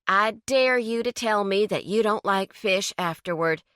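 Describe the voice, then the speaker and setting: A woman voicing Lucy, a bubbly and confident woman who cooks for her friends and teases them in a lively, sing-song way. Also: medium pitch, unhurried, no echo, studio quality, natural voice. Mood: cheerful. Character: bubbly confident woman cook, teasing hostess.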